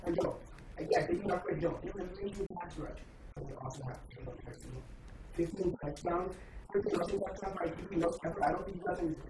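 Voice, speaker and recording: A man's voice: high-pitched, quick pace. A man in a casual sports debate, arguing heatedly and backing his case with stats. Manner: argues hard with stats. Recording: distant echoey mic with noise.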